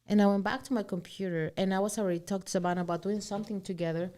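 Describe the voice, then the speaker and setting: Animated woman telling stories. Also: medium pitch, very fast. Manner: animated storytelling, switching between English and Spanish, swears freely. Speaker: guest singer-songwriter. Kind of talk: casual interview chat.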